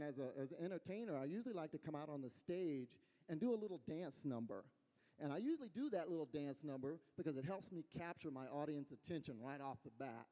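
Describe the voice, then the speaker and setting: West texas guy doing standup at a fair, animated, laughs at his own bits, lots of echo hanging in the air. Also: a little high. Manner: animated storytelling, folksy, laughs at own jokes. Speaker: stand-up comedian. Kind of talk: stand-up comedy. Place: outdoor fair stage.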